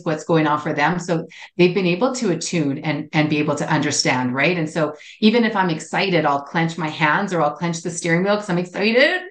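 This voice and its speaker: A woman co-hosting a psychology podcast, speaking in a reflective, measured and affirming way. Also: deep voice. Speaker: podcast co-host, relationship psychologist. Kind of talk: casual chat. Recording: roomy echo.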